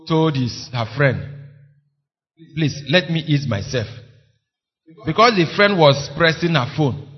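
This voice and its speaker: A man preaching a sermon, impassioned and pleading, repeating phrases for emphasis. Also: fairly high pitch. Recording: dull lo-fi recording.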